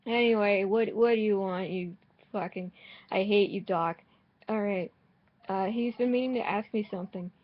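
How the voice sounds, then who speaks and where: A woman's voice: medium pitch, moderate pace, muffled recording. A woman giving casual, rambling commentary while playing a game, sarcastic and swearing, often restarting her sentences. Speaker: gaming vlogger.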